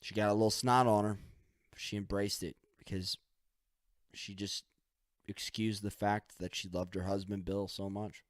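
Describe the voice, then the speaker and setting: A man rambling through a solo podcast monologue, swearing casually and spinning stories as he goes. His voice sits on the low side. The sound is dry and close, with no room echo. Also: little pitch movement, normal speed. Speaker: podcast host.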